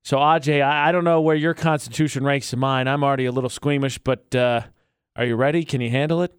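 A man's voice: mid-range voice, fairly even intonation, fast, clean tone, no room sound. Chatty male radio host, dry studio sound. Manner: chatty, laughs often, squeamish. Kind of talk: casual radio banter.

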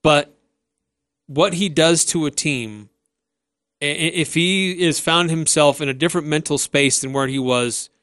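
A man co-hosting a sports radio show, making his points in a measured, thinking-aloud way. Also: a little high, fairly bright tone, smooth, no echo, clean studio sound. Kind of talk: casual sports talk.

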